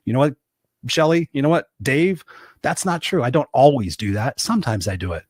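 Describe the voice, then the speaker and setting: A man's voice: mid-range voice, expressive, a little fast, a little mellow, husky, dry recording, studio quality. A man telling a personal story as a podcast guest and motivational coach, emphatic and speaking straight to the listeners. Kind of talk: storytelling interview talk.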